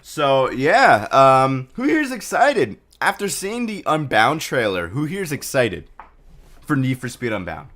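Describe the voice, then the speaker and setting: Casual male streamer, rambling and animated. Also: mid-range voice, a little slow. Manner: loose and chatty, many fillers. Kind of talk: casual live stream chat.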